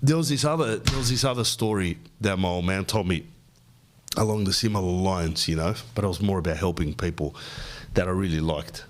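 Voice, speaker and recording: A man's voice: low voice, a little fast, slight background noise. An Australian man hosting a podcast, telling stories in a rambling, slangy monologue. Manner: rambling, slangy storytelling, says bro often. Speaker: podcast host.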